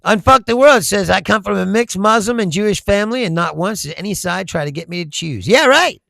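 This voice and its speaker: A man's voice: sits high, expressive, fairly quick, gravelly, a bit bright, no room sound, studio quality. An American man hosting a casual political livestream, reading chat comments aloud, swearing freely and laughing often. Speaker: livestream host.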